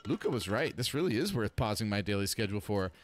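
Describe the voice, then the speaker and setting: A man's voice: on the low side, very animated, fast talker, soft background music. A man reading the lines of a polite, curious young woman winemaker in a near-natural voice. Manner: reading dialogue plainly.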